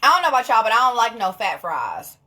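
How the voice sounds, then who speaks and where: A young woman, talking straight to camera in a casual vlog, blunt and animated, swearing freely and laughing often. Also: fairly high pitch, fast. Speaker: vlogger.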